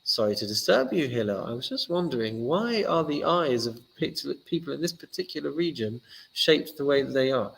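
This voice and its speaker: Storytelling: male teacher voicing a nagging, overly polite questioner, gravelly mid-range tone. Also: mid-range voice, lively intonation, a little fast, low-quality recording. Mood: inquisitive. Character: man pestering a sage with odd questions.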